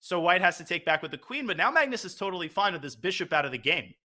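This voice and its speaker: Excitable high-voiced male chess commentator. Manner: excitable, calls moves rapid-fire.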